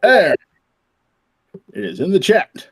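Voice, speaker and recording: Male game master, mid pitch, stumbles and restarts through the lore. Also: wildly swooping pitch, takes it slowly, fairly bright tone, breathy edge. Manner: rambling, self-correcting narration. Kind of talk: narrating a tabletop game.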